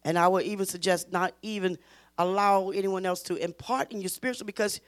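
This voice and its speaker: A woman teaching a Bible study in an emphatic preaching style, repeating phrases and pushing her voice toward a shout. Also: mid-range voice, steady tone, brisk.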